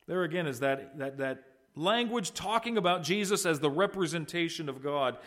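A middle-aged male pastor delivering a sermon. His voice sits a little high for a man. He preaches earnestly, rising loud and falling soft as he makes his points. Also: expressive, normal speed. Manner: earnest preaching with wide swings in loudness and pitch.

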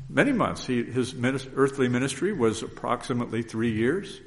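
A man's voice: a little high, animated, a little fast, few pauses. A man preaching a conversational sermon in an earnest, folksy way, often restarting his sentences.

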